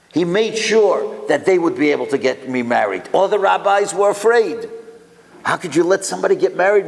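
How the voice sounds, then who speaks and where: Long hall reverb surrounds the fairly high voice of a rabbi lecturing to a room, where he tells a story peppered with Hebrew and Yiddish words and engages listeners with rhetorical questions.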